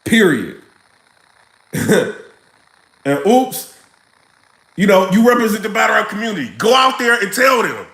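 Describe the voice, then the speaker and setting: A man ranting casually to camera in his vlog, animated, full of slang and laughing often. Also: high voice, a little slow, vocal fry, pauses often, echoey room, low-quality recording. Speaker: vlogger.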